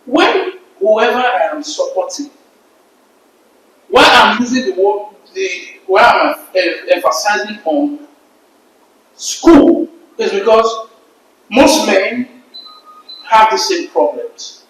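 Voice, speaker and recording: A man's voice: high voice, animated, takes it slowly, long pauses, a bit bright. A man on a podcast panel, arguing emphatically and telling stories with repeated words. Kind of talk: casual debate. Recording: very echoey room.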